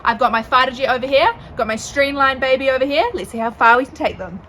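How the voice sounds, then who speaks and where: A woman's voice: high voice, quick pace, very noisy, lightly acted. A woman doing a brash Aussie paper-plane athlete. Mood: cheery. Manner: cheery, loud chants.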